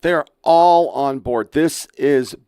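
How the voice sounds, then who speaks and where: A man's voice: fairly high pitch, takes it slowly, dark tone, clear, resonant tone, no echo. Ranting profane male podcast host. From United States. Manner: crude, ranting, exasperated. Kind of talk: profane political commentary.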